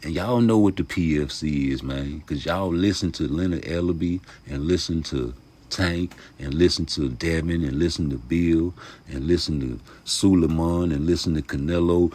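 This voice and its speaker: A man with a low, husky voice rants to camera on his boxing channel. He talks in heavy street slang and profanity. His delivery swings from loud, passionate outbursts to muttered asides. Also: normal speed. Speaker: YouTube boxing commentator. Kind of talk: casual vlog rant.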